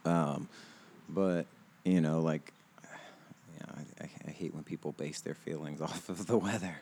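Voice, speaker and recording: A man's voice: rumbling low, fairly even intonation, normal speed, a little mellow, a little hiss or hum. A man in his thirties chatting casually on a podcast outdoors, rambling with lots of fillers and restarts and laughing often. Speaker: podcast host. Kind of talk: casual chat.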